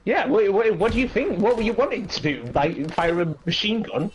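A British man co-hosting a gaming podcast, chatting casually while playing and breaking into excited shouts. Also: high voice, normal speed. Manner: jokey, bursts into excited shouts. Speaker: podcast co-host.

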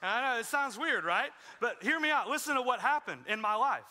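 A male pastor delivers a sermon in a relaxed, chatty way, with a fair amount of self-deprecating humor. His voice sits high for a man and sounds very bright and sharp. He talks in a church. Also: fairly quick. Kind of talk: conversational sermon. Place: church sanctuary.

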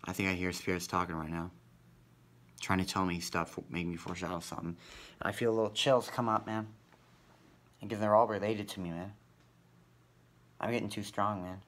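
Deep-voiced man rambling, saying "man". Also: fairly even intonation, normal speed, long pauses, fairly bright tone. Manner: rambling, repeats "man" constantly; profane, conspiratorial. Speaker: vlogger. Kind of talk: rambling monologue.

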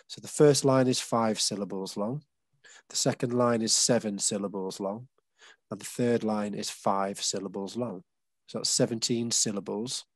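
A man's voice: fairly low pitch, dry recording. An English man leading a casual group session, explaining patiently with many fillers and restarts. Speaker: workshop leader.

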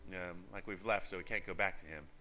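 Man reading a text game, casual commentary, lowish pitch, bright tone, faint background music. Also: steady tone, fairly quick. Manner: casual, with frequent ums. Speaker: let's play host.

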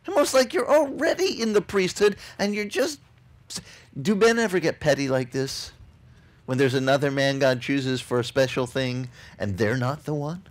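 A man preaching a casual, animated sermon as pastor, reading scripture and talking to the congregation. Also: mid-range voice, normal speed. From Hawaii. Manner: animated, conversational, mimics voices for emphasis. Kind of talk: expository sermon.

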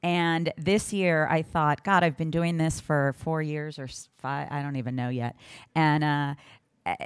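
Low-voiced woman, halting conference intro. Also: steady tone, clean tone, no echo, clean studio sound. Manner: loose, rambling, halting. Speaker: session organizer and moderator. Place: conference stage.

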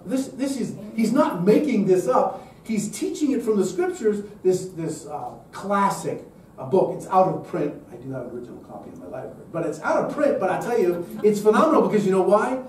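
A man's voice: high voice, expressive, a little fast, a little mellow, very echoey, distant mic, a little hiss or hum, low-quality recording. A man giving an emphatic lecture-style talk at a public event, posing rhetorical questions to the audience.

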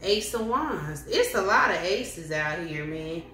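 A slow-talking woman with a lowish, animated, sharp-toned voice gives a casual tarot reading to camera over soft background music. She speaks directly to viewers in a repetitive, affirming way. The roomy home recording carries a faint hiss.

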